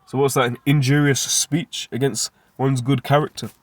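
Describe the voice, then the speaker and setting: A man's voice: mid-range voice, steady tone, moderate pace, noisy background. A man teaching scripture informally, asking rhetorical questions and dropping street slang. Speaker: Bible teacher.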